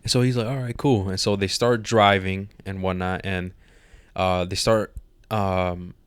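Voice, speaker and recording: Young male podcast co-host, low and smooth, laid-back slangy recap, dry studio sound. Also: fairly even intonation, unhurried, dry recording. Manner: laid-back, retells scenes with slangy quoted lines. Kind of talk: casual spoiler review chat.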